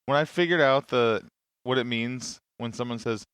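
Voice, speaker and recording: A man's voice: medium pitch, moderate pace, a bit bright, smooth, no room sound. A young man hosting a talk show, riffing on comedic bits with lots of swearing and laughter. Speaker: podcast host. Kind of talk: casual comedic banter.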